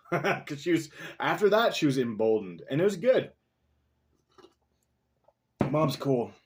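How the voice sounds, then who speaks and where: A man's voice: on the high side, very animated, slow. A young man chatting casually, teasing his dog playfully and telling loose, profane stories with laughs. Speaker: vlogger and musician. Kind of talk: casual chat and storytelling.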